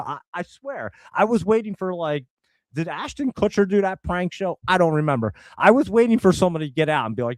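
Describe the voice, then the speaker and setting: A middle-aged man, host of a live show, telling a long story to viewers in a casual, animated way and laughing now and then. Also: sits high, fairly quick, no room sound.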